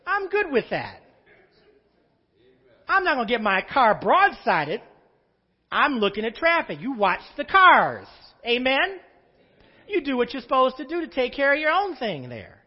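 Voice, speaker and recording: Male pastor delivering a lively sermon, swinging pitch, recorded dull and muffled in a church. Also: unhurried, pauses often, breathy edge, big-room sound. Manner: preacher's call-and-response.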